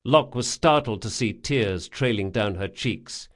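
A man narrating a fantasy novel in a measured, dramatic reading. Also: fairly low pitch, animated. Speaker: audiobook narrator.

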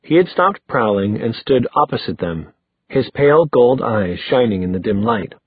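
Breathy man narrating a novel. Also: medium pitch, big pitch swings, moderate pace, dry recording. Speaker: audiobook narrator. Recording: dry tinny phone-like sound.

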